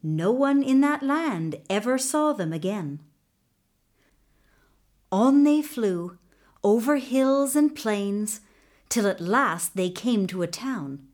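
A woman narrating a children's folktale as a storybook reading, expressive and unhurried. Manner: slow, expressive reading with lively pitch. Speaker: audiobook narrator.

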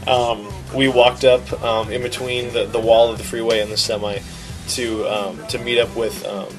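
A man co-hosting a podcast, telling a story in casual chat with an animated, self-deprecating manner. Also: mid-range voice, normal speed, music in the background. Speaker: podcast co-host.

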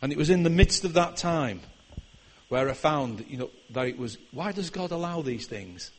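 An older man delivers a sermon as a guest preacher. His voice sits notably high for a man, and he moves between ringing declarations and quiet, intimate prayer. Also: animated, moderate pace. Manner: impassioned, swinging from loud declarations to hushed prayer.

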